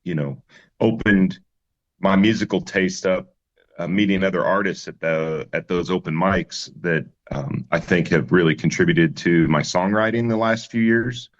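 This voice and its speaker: A man's voice: deep voice, moderate pace, muffled recording. A man, a musician guest, telling his story in an easygoing interview chat with many fillers and restarts.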